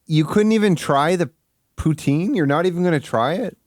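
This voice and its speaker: A man's voice: a little high, normal speed, dry recording, clean studio sound. A man hosting a live stream, chatting casually and joking while reacting to videos. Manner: laughing, joking, lively. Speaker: stream host.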